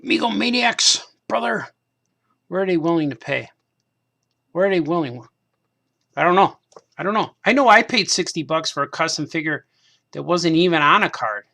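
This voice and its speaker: Man, slightly high gravelly voice, loose rambling chat while crafting, self-deprecating. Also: pushed and bright. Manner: meandering, self-deprecating, repeats himself. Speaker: cartoonist hosting a craft stream. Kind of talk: casual rambling monologue while painting figures.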